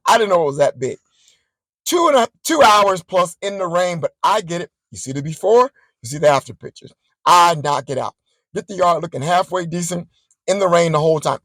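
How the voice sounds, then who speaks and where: A man vlogging, chatting straight to his viewers as he tells a story in a casual, animated way. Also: a little high, no echo, low-quality recording.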